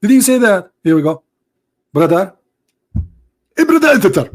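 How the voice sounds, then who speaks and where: A man voicing an excited, pestering man who keeps calling everyone brother, in shrill, exaggerated mockery. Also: moderate pace. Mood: mocking, excited.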